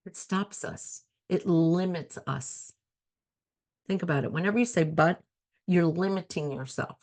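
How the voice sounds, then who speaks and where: A woman's voice: fairly low pitch, measured pace, darkish tone. A woman life coach hosting her own talk show, speaking earnestly and conversationally, repeating key phrases for emphasis. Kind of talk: solo talk show monologue.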